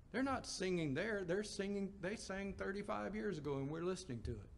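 A man's voice: sits high, expressive, fairly quick, vocal fry, hardly any pauses. A man preaching a sermon in a folksy, conversational storytelling way, with emphatic rises.

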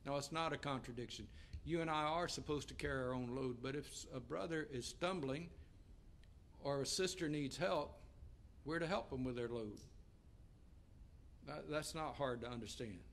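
A man's voice: medium pitch, moderate pace, long pauses, fairly bright tone, a little hiss or hum. A middle-aged man preaching a sermon as pastor, earnest, raising his voice to read scripture aloud.

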